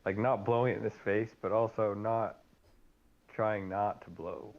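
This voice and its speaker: A man's voice: fairly low pitch, fairly even intonation, a little slow. A man player describing his character's actions in an easygoing, hesitant way. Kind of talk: casual tabletop game play. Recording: dull lo-fi sound.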